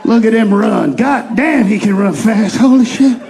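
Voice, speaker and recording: A man doing a profane stand-up comedy set, ranting fast, shouting punchlines and acting out voices. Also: high voice, creaky, some chatter behind, slight background noise.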